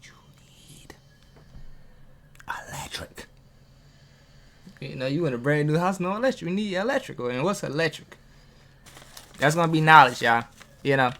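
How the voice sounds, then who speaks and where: Host of a self-improvement vlog: a man who talks straight to camera in street slang, hyped up, voice swinging high and low. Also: sharp tone. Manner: hyped, street-slang delivery with big pitch jumps; talks straight to viewers, asking questions. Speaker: motivational vlogger. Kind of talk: casual motivational talk.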